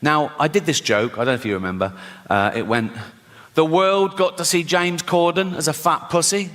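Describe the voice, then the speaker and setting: Sardonic middle-aged comic, slightly high voice, swears freely, live theatre reverb and crowd. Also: male voice, normal speed, fairly bright tone. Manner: sardonic, swearing, breaks into laughs, mimics people in silly voices. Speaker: stand-up comedian. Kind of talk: stand-up comedy set. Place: large theatre stage with a laughing audience. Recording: long hall reverb, audible crowd noise.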